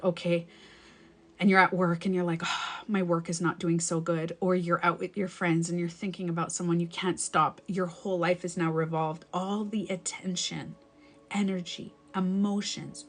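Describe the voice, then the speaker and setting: A woman coaching viewers on a live stream, talking casually and repeating her points to encourage them. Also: lowish voice. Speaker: breakup and self-love coach.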